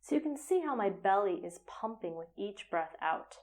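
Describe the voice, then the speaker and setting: A woman teaching a yoga practice, giving calm, step-by-step spoken instruction and at times slipping into a breathy whisper. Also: medium pitch, moderate pace.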